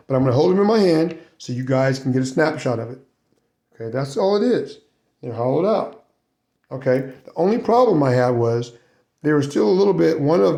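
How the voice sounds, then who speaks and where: A man's voice: medium pitch, vocal fry, mellow, reverberant. A man giving a casual hands-on how-to demonstration, chatty and often checking in with "right?" and "guys". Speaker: RC hobby video maker.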